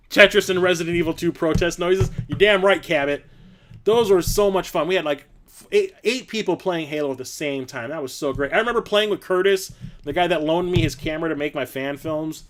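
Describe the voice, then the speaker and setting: A man's voice: fairly high pitch, fairly quick, slight background noise. A young adult man hosting a casual live-stream chat, rambling through stories and laughing often. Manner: rambling storyteller, laughs often, acts out quotes loudly.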